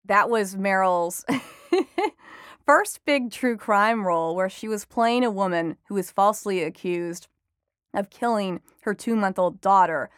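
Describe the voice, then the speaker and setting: A woman's voice: mid-range voice, slow, clear, resonant tone, dry recording. Woman chatty reporter guest, laughs easily, lots of ums, close dry mic. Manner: chatty, laughs often, many fillers. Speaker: entertainment reporter and author. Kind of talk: conversational interview answers.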